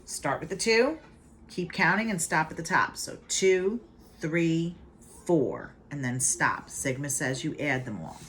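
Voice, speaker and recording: A middle-aged math teacher with a low-pitched, expressive, slightly bright voice gives a casual video lesson from home at a measured pace. She's chatty and playful, talking through each step with hype catchphrases.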